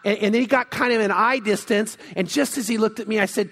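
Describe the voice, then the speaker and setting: Male pastor, high voice, animated storyteller, sanctuary reverb. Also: brisk, few pauses. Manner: animated storytelling, acts out quotes. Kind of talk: sermon. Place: church sanctuary. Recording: long hall reverb.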